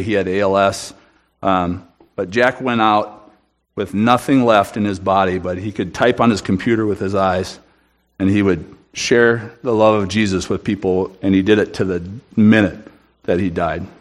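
A man giving an earnest, emphatic sermon testimony in a church room, often restarting his sentences. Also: lowish voice. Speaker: guest speaker at a church.

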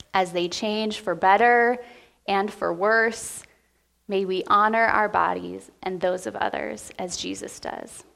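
Woman pastor, sermon delivery, unhurried and gravelly, heartfelt and moved. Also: mid-range voice, a bit bright. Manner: emotional, heartfelt preaching with pauses. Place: church sanctuary.

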